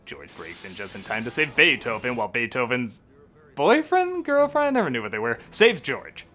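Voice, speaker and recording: A male critic narrating a comedic movie review with sarcastic, animated asides. His pitch swings wildly, and his tone is bright and sharp. Faint music plays underneath. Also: a little fast. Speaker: film critic.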